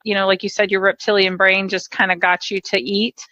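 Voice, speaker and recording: A woman's voice: medium pitch, flat delivery, fairly quick, sharp tone, no room sound. A woman hosting a podcast, reflectively summarizing her guest's points. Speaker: podcast host. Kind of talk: interview conversation. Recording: dull, dry lo-fi sound.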